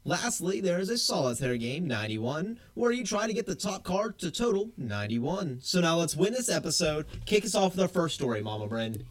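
A man's voice: fairly high pitch, big pitch swings, a little fast, few pauses. A man co-hosting a podcast in casual chat, joking, swearing freely and arguing in fun. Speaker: podcast co-host.

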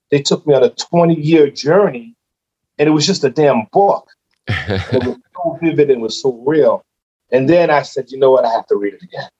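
A man's voice: medium pitch, a little mellow, muffled recording. A man who is a guest on a podcast, telling his story casually and animatedly, acting out his own reactions.

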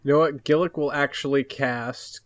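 A man's voice: medium pitch, fairly even intonation, normal speed, no room sound. A man playing in a tabletop role-playing game, speaking hesitantly and asking questions before acting. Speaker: player. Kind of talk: casual chat at a game table.

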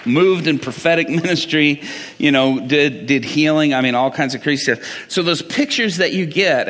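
A man's voice: a little high, pushed and bright, in a large hall. A middle-aged man preaching a sermon, telling stories animatedly, acting out dialogue and chuckling often. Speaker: pastor. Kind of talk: sermon storytelling.

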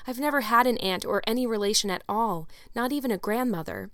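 A woman's voice: fairly high pitch, animated, brisk, clean tone, no echo, studio quality, close to an everyday voice. A woman voicing an eager, talkative orphan girl of about eleven who speaks in an imploring, dreamy way. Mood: wistful.

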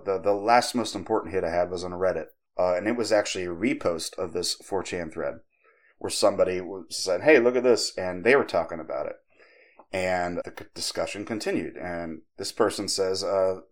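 A man hosting a podcast, casually telling a creepypasta story with profanity and lively quoted voices. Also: sits low, normal speed. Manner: conversational, profane, animated when quoting others. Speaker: podcast host.

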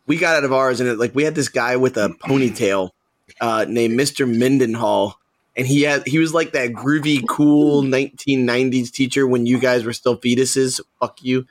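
A man's voice: mid-range voice, normal speed. A man in his thirties telling a rambling story with many fillers in a casual podcast chat. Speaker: podcast host.

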